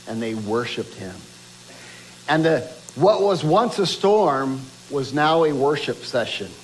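A man's voice: animated, a little slow, slight background noise, poor audio. A man preaching a sermon, reading scripture aloud and building emphasis with rhetorical questions. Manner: reads scripture aloud, drops low and quiet for quoted lines. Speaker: pastor.

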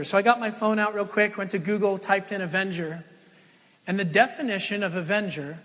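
A man in his thirties preaching a sermon as a pastor, earnest and animated, telling stories with sudden emotional dips. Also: high-pitched, a little fast. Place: church sanctuary. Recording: long hall reverb.

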